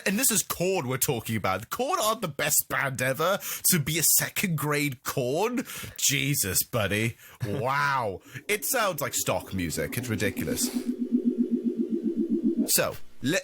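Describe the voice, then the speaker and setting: Animated man mocking a movie on a podcast. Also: fairly high pitch, husky, dry recording. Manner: animated, mocking, slips into jokey impressions. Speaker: podcast co-host. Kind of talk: casual movie review chat.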